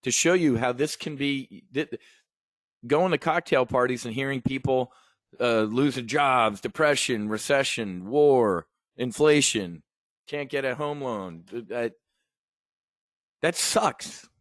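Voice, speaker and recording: A man hosting a live options trading brief, talking in an energetic, rambling, conversational way with emphatic asides. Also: medium pitch, unhurried, dry recording, studio quality. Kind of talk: livestream trade brief.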